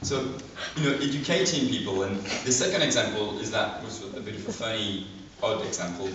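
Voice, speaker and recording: A man speaks from the floor at a book launch, slightly low in pitch and stumbling through his stories with many fillers and restarts. The recording is lo-fi and picked up from a distance in a very echoey room. A faint hum of room noise sits underneath. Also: a little fast. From France. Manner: hesitant, full of fillers and restarts. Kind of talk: anecdotal public talk. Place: large echoey room at a public event. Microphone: distant room mic. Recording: echoey, lo-fi, from far off.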